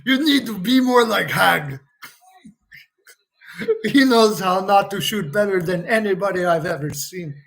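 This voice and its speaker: A man's voice: sits high, a little slow, creaky, fairly bright tone, voice pushed up, full character voice. A man imitating an exasperated, short-tempered hockey coach in a put-on French Canadian accent that slips into Italian, bossy and scolding. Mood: lecturing. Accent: put-on French Canadian slipping into Italian.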